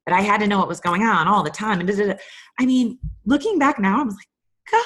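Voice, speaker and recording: A woman's voice: mid-range voice, brisk. A young adult woman hosting a candid, conversational self-help talk. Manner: candid, conversational, animated retellings. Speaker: host.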